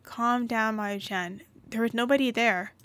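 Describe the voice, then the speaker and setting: A woman reading the lines of a frantic young man in a game, urging calm over and over. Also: fairly high pitch, a little slow. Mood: urgent. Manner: urgent, repeating himself.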